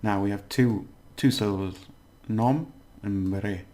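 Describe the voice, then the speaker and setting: A man giving a casual language lesson, explaining slowly and repeating words, with many fillers. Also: lowish voice, mellow. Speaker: language teacher.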